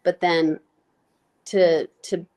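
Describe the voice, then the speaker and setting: A woman nurse practitioner speaking candidly in an interview, reflective and halting, with many fillers and restarts, close to tears as she talks. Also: fairly low pitch, little pitch movement, a little mellow.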